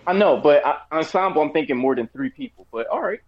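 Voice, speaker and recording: A man's voice: a little high, sing-song, quick pace, lo-fi sound, a crowd in the background. A man co-hosting a casual chat, rambling through a movie review with many fillers and restarts, while he has the hiccups. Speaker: podcast co-host giving a movie review.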